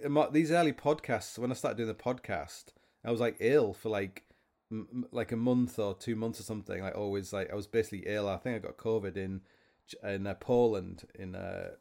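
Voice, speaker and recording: A man's voice: on the low side, a little mellow. A man hosting a podcast, telling rambling, self-mocking stories in a casual monologue. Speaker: podcast host.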